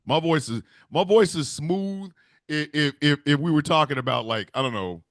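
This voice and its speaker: A man with a slightly high, animated voice hosts a casual livestream at normal speed, recorded in clean studio sound with no room echo. He chats emphatically, swearing and laughing often.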